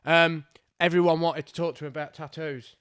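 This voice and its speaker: A man, a tattoo artist, speaks in a high voice. His casual delivery is full of fillers and restarts, and he often chimes in on his co-host. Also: flat delivery, fairly quick, a bit bright. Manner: hesitant, many fillers and restarts, chiming in. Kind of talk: casual banter.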